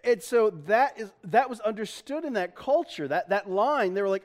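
A man's voice: high voice, lively intonation, moderate pace. A middle-aged man preaching a conversational sermon in a church, chatty and joking, often breaking into laughter. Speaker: pastor.

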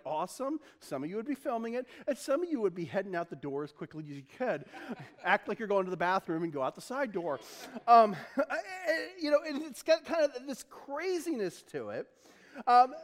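A man preaching a casual, conversational sermon, chuckling often and wandering into folksy asides. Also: high-pitched. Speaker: pastor.

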